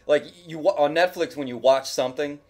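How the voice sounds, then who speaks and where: A man's voice: on the high side, a little fast, darkish tone. A man talking casually over his gameplay footage as a YouTube gamer, rambling and joking with his viewers. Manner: rambling, chatty, jokey. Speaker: gaming YouTuber.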